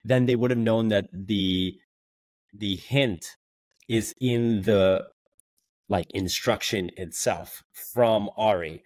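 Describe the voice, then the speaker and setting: Young male co-host, lower voice, loose rambling chat, dry mic. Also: slow, a little mellow, no room sound. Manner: loose, filler-heavy recap talk. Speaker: co-host, former contestant. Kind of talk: casual chat.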